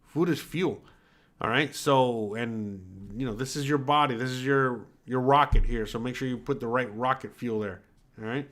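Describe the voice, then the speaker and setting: At a moderate pace and with a mid-range voice, a podcast host from the United States in his forties reads chat comments on a casual livestream. Expect plenty of swearing, blunt remarks, and animated filler tags such as "all right?"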